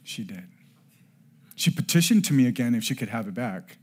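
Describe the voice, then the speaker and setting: A middle-aged man preaches at an ordinary pitch, sinking into hushed, breathy near-whispers before building to emphatic, raised passages. He tells a family story and acts out the voices in it, in a relaxed storytelling tone. Faint ambient noise sits behind his voice. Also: normal speed, long pauses. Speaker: pastor. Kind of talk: sermon.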